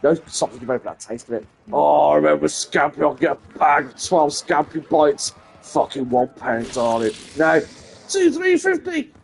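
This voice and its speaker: A man's voice: fairly high pitch, sing-song, normal speed, gravelly, slight background noise. A man with a Birmingham accent, a streamer chatting casually and swearing freely as he reacts to clips. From English Midlands. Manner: sweary, chatty, slips into put-on voices. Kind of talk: casual chat.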